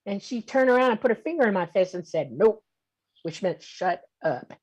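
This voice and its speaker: Animated older woman telling her story. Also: mid-range voice, fast, slightly rough, no echo, lo-fi sound. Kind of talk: casual storytelling interview.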